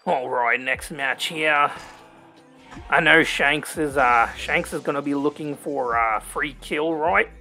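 A man's voice: on the high side, slow pace, gravelly, sharp tone, soft background music. A man with a put-on, exaggerated Australian accent giving rambling gameplay commentary, tacking "mate" and "right?" onto his lines. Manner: hams up a jokey Aussie persona, tags lines with "mate" and "right?"; rambling, self-talking with many ums. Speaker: gaming channel host.

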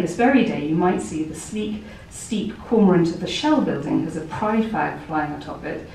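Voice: medium pitch, a little mellow, slight background noise. A poet reading a playful prose poem aloud in a wry, conversational way at a library event. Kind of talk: poetry reading. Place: poetry library event room. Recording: very echoey room, distant mic.

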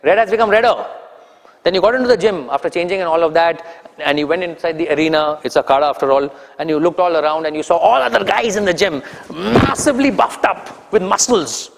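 A man with an Indian English accent giving an animated, teasing training talk to an audience, throwing questions at them. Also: a little high, fast, gravelly, long reverb tail. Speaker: corporate trainer.

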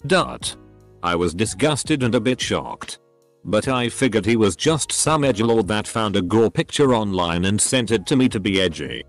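Man, lowish voice, lively pitch, narrating online stories, spells out abbreviations. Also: normal speed, soft background music. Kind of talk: reading online stories aloud.

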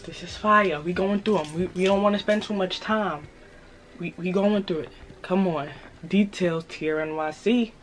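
A young woman with a New York accent and a slightly raspy voice, hosting a casual haul video and hyping her purchases to viewers in a playful way. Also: lowish voice, moderate pace. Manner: playful, hyped, repeats phrases, talks straight to viewers. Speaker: fashion vlogger.

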